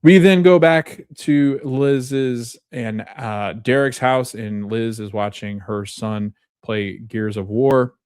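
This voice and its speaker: A man's voice: mid-range voice, slow, hardly any pauses, a little mellow, smooth, no room sound, clean studio sound. A man hosting a podcast, casually recapping a TV episode and retelling its scenes with quoted dialogue and loose fillers. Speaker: podcast host.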